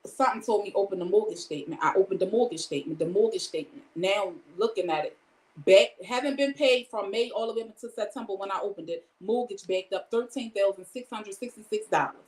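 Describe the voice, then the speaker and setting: A woman's voice: mid-range voice, a little fast, a little mellow. Earnest woman telling a story in an echoey room. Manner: retells events by quoting each exchange ("I said", "he said"); earnest and candid, often invoking God. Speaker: storyteller sharing a personal testimony. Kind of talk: casual spoken testimony.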